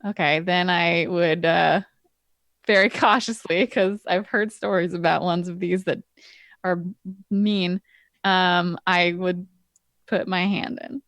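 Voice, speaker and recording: A woman's voice: fairly low pitch, fairly even intonation, slow, fairly bright tone, no room sound, clean studio sound. A woman playing a tabletop game, cautiously asking the game master questions about her character's actions. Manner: cautious, asks many questions. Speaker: player. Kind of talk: casual tabletop play.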